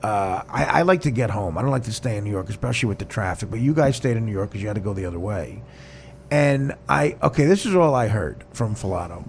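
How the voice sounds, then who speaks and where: Casting: man, joking podcast host, lively swooping voice, faint room hiss. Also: on the low side, quick pace, vocal fry. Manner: teasing, joking. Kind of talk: casual chat.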